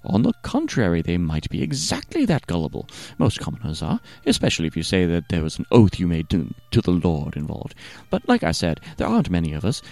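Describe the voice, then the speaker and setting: A man's voice: deep voice, wildly swooping pitch, a little fast, gravelly, a little mellow, dry recording, voice pushed down, exaggerated voice. A man voicing a calculating stranger who proposes a deal in a dry, matter-of-fact way. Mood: scheming. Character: scheming male stranger, smooth and calculating.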